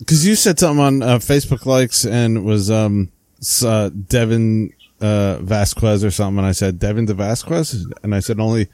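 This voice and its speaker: Man with a New Jersey accent, casual podcast co-host, mellow dark tone, dry close sound, rambling and joking. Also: on the low side, moderate pace, few pauses, no room sound. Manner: joking, rambling with many fillers. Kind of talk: casual chat.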